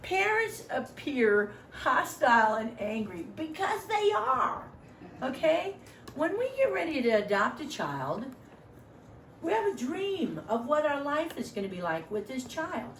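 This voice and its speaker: A middle-aged woman leads a volunteer training in a lively, joking way, slipping into the voices of the people she quotes. Her voice sits fairly high and sounds a little distant, with a roomy echo and a faint hum behind her. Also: measured pace.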